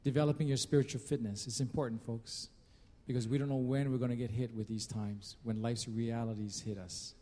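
A man, a pastor, encouraging his church and then leading a calm prayer. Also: mid-range voice, fairly quick, hardly any pauses, big-room sound. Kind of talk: sermon and prayer. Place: church sanctuary. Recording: music playing underneath.

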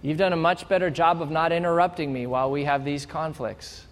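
A man with a high voice preaches to a congregation in a playful, animated way, acting out short exchanges to make each point. His voice carries a long reverb, as in a large hall. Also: brisk. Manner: animated, playful, acts out little quoted exchanges. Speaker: pastor. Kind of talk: sermon.

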